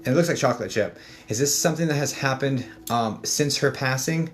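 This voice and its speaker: A man's voice: mid-range voice, a little fast. A man working as a psychic medium, giving a chatty livestream spirit reading full of fillers and calling people darling.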